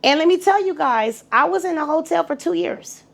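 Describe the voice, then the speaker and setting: A middle-aged woman with a high voice tells her story as a podcast guest. She is animated and profane, and she acts out the people she talks about. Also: moderate pace, vocal fry.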